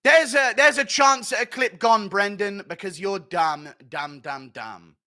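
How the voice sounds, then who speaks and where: A man in a loose, profane commentary rant, his pitch swinging widely as he mocks and jokes. His voice is bright and forceful. The sound is dry and close, with no room. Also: lively intonation, normal speed, dry recording. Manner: profane, mocking, laughs often at his own jokes. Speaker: MMA commentator and streamer.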